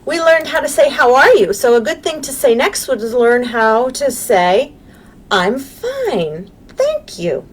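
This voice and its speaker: An American woman leads a live storytime for young children with a lively, sing-song voice that rises and falls a lot. She is gentle and encouraging and pauses often with ums, speaking over a webcam. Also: high-pitched, husky. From United States. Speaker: children's librarian. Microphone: webcam on a live stream.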